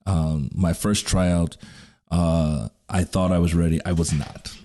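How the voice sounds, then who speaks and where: A man's voice: low voice, takes it slowly. A man talking casually as a podcast guest, telling stories with lots of laughter and acted-out quotes. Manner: animated storyteller, laughs often, acts out quotes. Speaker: podcast guest, pro wrestler. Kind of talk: casual chat.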